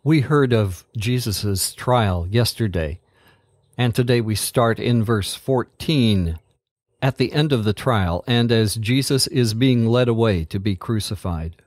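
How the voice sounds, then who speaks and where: Slow, measured male Bible reader. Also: fairly low pitch, lively intonation, a little mellow, no room sound, studio quality. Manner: measured, deliberate reading. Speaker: Bible reading podcast host. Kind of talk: slow scripture reading.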